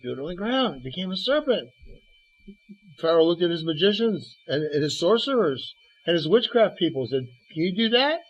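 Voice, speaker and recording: Heard on a dull lo-fi radio broadcast, a man with a high, slightly rough voice preaches as a guest, moving at a moderate pace. He's very animated, relating Bible stories with quoted dialogue and stammered restarts.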